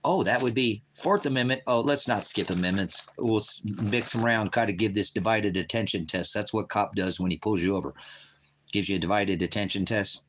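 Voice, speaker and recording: A man's voice: lowish voice, brisk, a little hiss or hum. Profane, taunting male livestreamer. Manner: profane, taunting, shouts at chat. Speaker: livestream host. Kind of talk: angry livestream rant. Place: at home by a wood stove.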